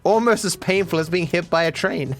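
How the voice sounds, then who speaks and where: A man's voice: high voice, fairly quick, faint music behind. Joking, swearing streamer man. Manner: joking, profane, self-deprecating, talks to chat. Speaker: gaming streamer. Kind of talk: livestream gameplay commentary.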